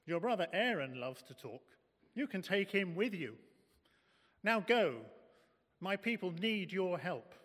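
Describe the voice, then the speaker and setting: A man's voice: high-pitched, lively intonation, moderate pace, fairly bright tone. A man reading aloud, voicing God as a firm, solemn and reassuring presence. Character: commanding yet reassuring male God. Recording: echoey hall.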